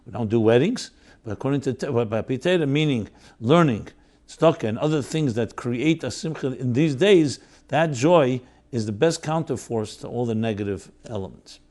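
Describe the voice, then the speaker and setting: A man's voice: medium pitch, lively intonation, normal speed, a little mellow. A man hosting and teaching, giving an earnest, explanatory religious lecture that mixes in Hebrew terms and explains each one. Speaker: host and teacher of Chassidic thought.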